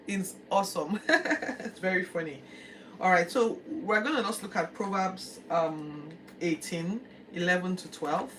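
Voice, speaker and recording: A woman hosting a daily Bible podcast, reading and retelling the scriptures in a chatty, animated way. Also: fairly low pitch. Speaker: podcast host. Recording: distant mic, faint background noise.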